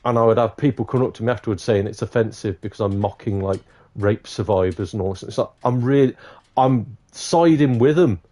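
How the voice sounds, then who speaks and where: A man's voice: on the low side, fairly quick, warm tone. A man hosting a live stream, chatting casually and rambling, swearing freely. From Shropshire, England. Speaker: livestream host.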